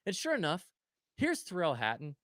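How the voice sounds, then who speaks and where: Animated male podcast host, dry close sound. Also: on the high side, normal speed, no room sound. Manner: animated storytelling with sound effects. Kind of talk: casual chat.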